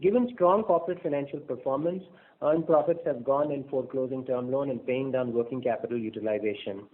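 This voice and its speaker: Bank exec guy on a thin phone line, measured, lots of uh and you know. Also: mid-range voice. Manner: measured, with frequent fillers and restarts. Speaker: bank executive on an earnings call. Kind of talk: business presentation on a conference call.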